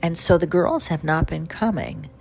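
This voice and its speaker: A chatty radio host with a Southern accent and a very low voice that swings up and down a lot. Her tone is gravelly, and she wanders from story to story with self-mocking asides while music plays clearly underneath. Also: expressive, moderate pace. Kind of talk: casual storytelling monologue.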